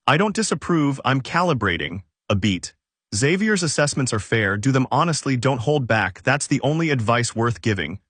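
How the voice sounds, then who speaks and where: A man's voice: mid-range voice, big pitch swings, normal speed, a bit bright, slightly rough, no echo. A man voicing a terse, guarded young team leader who speaks in a curt, clipped way.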